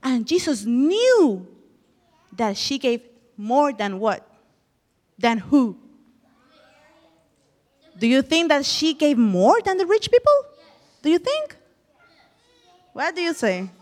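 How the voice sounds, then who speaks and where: A woman's voice: high voice, very animated, slow pace, long pauses, a little mellow, big-room sound. A woman teaching a children's Bible lesson in a church, telling the story with animation and asking the children questions.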